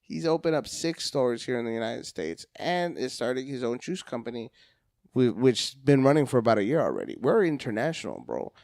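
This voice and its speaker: A man's voice: medium pitch, sing-song, brisk, creaky, darkish tone, dry recording, clean studio sound. A man on a podcast, a comedian chatting casually, hyperactive, cursing a lot and acting out phone calls in different voices.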